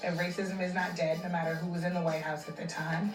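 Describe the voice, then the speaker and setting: A woman's voice: on the low side, level tone, fast. A woman speaking as an activist in a firm, articulate way in a documentary interview. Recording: roomy, distant mic, music bed.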